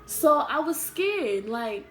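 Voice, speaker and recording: Young adult woman, vlogger, casual storytime, rambling, filler-heavy, slightly high voice, echoey room. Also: very animated, takes it slowly, fairly bright tone.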